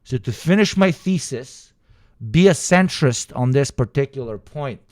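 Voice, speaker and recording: A man's voice: medium pitch, expressive, measured pace, a little mellow, no echo, clean studio sound. A man streaming live and reacting to clips, talking in a profane, joking, ranting way. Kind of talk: casual livestream commentary.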